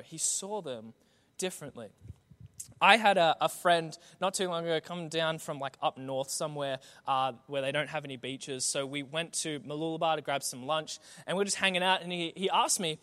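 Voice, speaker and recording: A man's voice: fairly high pitch, normal speed, fairly bright tone. A man preaching a sermon, conversational and building to rhetorical refrains. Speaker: pastor.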